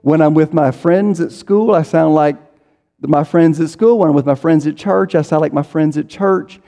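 A man's voice: a little high, moderate pace, gravelly, mellow. A man preaching a sermon in a conversational way, acting out people's inner voices as he goes. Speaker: pastor. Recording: reverberant hall.

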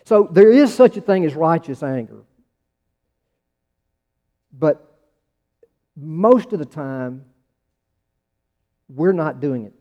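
A man with an American accent delivers a sermon to his congregation in a mellow, somewhat higher voice. He talks in a conversational way, restarts phrases and presses his questions with rising force. The sound is dull and rings through a long, echoing hall. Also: animated, slow pace, long pauses. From United States. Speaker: pastor.

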